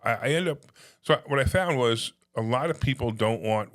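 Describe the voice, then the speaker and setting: A man telling stories in casual conversation, animated, acting out phone calls in quoted voices. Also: mid-range voice, brisk. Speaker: podcast guest, real estate investor.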